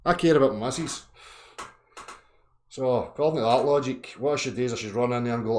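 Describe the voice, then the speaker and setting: A man in his thirties ranting angrily on a live chat, profane, swinging from low muttering to shouting. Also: a little fast, long pauses, echoey room. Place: indoor room.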